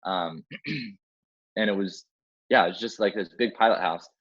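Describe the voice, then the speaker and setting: A young man with a fairly low voice tells a war-story-style rescue tale in a relaxed interview. He acts out each exchange and sprinkles in "like" and "man" as he goes. The audio is dull and muffled. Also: normal speed. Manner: animated, acts out quoted dialogue, many fillers like "like" and "man". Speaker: guest, helicopter rescue swimmer.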